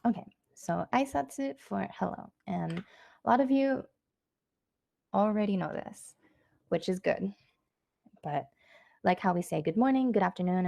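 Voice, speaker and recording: A woman giving a casual online language lesson, chatty and loose with lots of fillers, saying practice phrases slowly and clearly. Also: on the low side, dark tone, no echo, studio quality. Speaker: Japanese language teacher.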